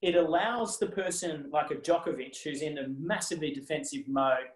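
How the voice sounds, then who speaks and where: An Australian man, a former tennis player, telling animated anecdotes on a video call, with frequent restarts and laughs. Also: on the high side, moderate pace, reverberant, rough recording. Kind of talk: casual storytelling on a video call.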